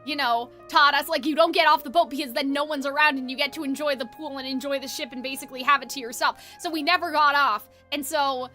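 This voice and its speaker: A young woman streamer telling a long story in casual chat, rambling and animated with many fillers. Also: sits high, fast, hardly any pauses, soft background music.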